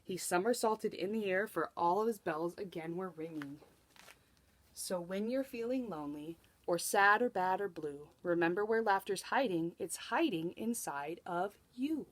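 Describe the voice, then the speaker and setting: A young woman teacher reading a rhyming picture book to children. Her delivery is expressive and rhythmic, following the beat of each verse, in an ordinary mid-range voice. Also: mid-range voice, moderate pace. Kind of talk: children's storybook read-aloud.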